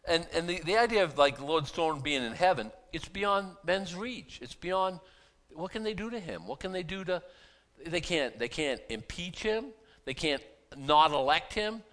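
A pastor preaching a sermon in a conversational, animated way, full of rhetorical questions. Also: male voice, a little high, moderate pace.

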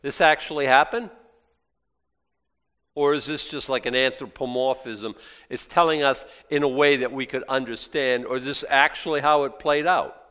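A man preaching a sermon, reading scripture aloud and breaking into lively, sarcastic asides. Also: mid-range voice, normal speed, clean tone. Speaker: pastor. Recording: long hall reverb.

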